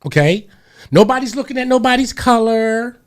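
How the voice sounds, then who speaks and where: A man hosting a radio talk show, telling a story in an animated, slangy, emphatic way and repeating words as he gets heated. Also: extremely high pitch, moderate pace, clean tone.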